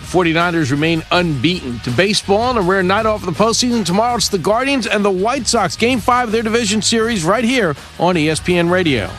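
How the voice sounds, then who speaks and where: A male sports anchor reads the news headlines at a rapid clip. His voice sits somewhat high for a man, with soft music running underneath. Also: animated. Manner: brisk newsreader delivery. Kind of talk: scripted news bulletin.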